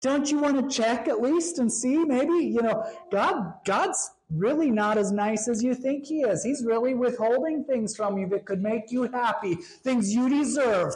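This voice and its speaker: A woman's voice: fairly high pitch, darkish tone. A woman playing a sly, coaxing tempter. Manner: coaxing, insinuating. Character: sly tempting enemy, a smooth-talking deceiver.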